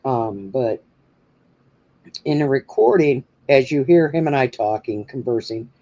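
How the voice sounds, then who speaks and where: A man's voice: mid-range voice, lively intonation, unhurried, warm tone, lo-fi sound. A man hosting a paranormal podcast, telling a story in a rambling, casual way with many fillers. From New Hampshire. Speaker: podcast host.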